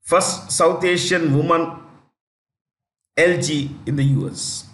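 A man lectures on current affairs, pausing to repeat names and numbers for students taking notes. His voice sits a little high for a man. The room around him gives a noticeable echo. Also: fairly even intonation, fairly bright tone. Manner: repeats key facts slowly for note-taking. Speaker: teacher. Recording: echoey room.

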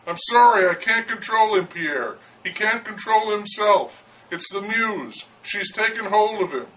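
A man's voice: high voice, lively intonation, a little slow, sharp tone, distant mic, slight background noise, heavily acted, poor audio. A man voicing a condescending poet who coolly talks down to a baker. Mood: patronizing. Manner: smooth, patronizing, persuasive. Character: languid condescending male poet.

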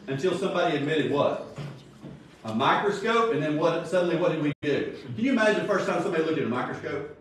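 A man preaching in an animated, storytelling way and acting out the people in his stories. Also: on the high side, fast, slight background noise. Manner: animated storytelling, acts out quotes. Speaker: Sunday school teacher. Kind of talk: sermon. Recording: very echoey room, far from mic.

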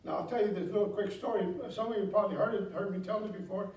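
A man's voice: sits high, quick pace, a little mellow. A middle-aged man, a pastor, preaching a sermon with folksy storytelling that builds to emphatic exhortation. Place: church sanctuary. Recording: echoey church from a distance.

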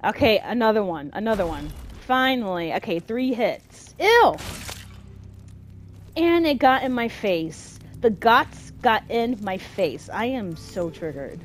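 A woman's voice: mid-range voice, expressive, a little slow, few pauses, a little hiss or hum. A woman giving casual let's-play commentary as she plays, talking to herself and getting easily exasperated. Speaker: gameplay commentator.

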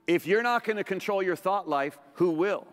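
A man preaching from the pulpit of a large church, his fairly high voice ringing with a long hall reverb. He talks emphatically, stacks up repeated phrases, and throws in quick asides to the congregation. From Middle Eastern background. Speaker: pastor. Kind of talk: sermon.

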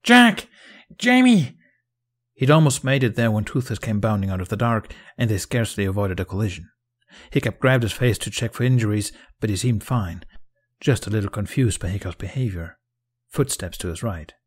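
A man narrating a fan fiction audiobook in a calm, even storytelling manner. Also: lowish voice, brisk, slightly rough.

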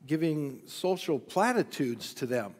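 A male pastor giving a sermon in a relaxed, conversational way, with lots of fillers and a touch of dry humor, recorded during a live-streamed church service. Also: on the high side, a little slow, long reverb tail. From United States. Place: church sanctuary.

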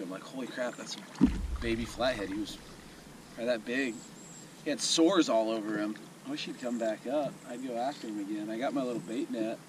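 A man filming himself while kayak fishing, chatting casually in a laid-back, rambling, self-deprecating way. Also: mid-range voice. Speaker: fishing vlogger. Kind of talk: casual self-filmed talk to camera. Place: outdoors on a river, kayak and sandbar. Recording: outdoor recording with noticeable river noise. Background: water and outdoor ambience.

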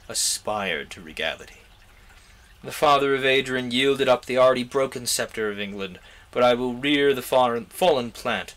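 A man's voice: on the low side, fairly bright tone, close to an everyday voice. A man reading as a haughty scheming nobleman. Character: ambitious haughty young nobleman, scheming for a crown. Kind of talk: reading a novel aloud.

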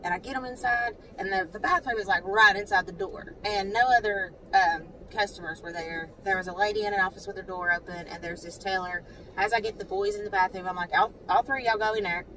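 A mother, parked in her car outside a credit union, animatedly tells a story to the camera for a casual vlog, speaking briskly and acting out other people's lines in a high voice. She sits far from the mic, and the poor audio carries a little hiss or hum.

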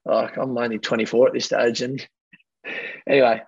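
A man's voice: mid-range voice, flat delivery, normal speed, creaky, slightly rough, dry recording. An Australian man in his thirties, a guest telling rambling, laughing anecdotes in a casual way. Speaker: guest rugby player. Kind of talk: casual storytelling. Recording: dull, dry lo-fi audio.

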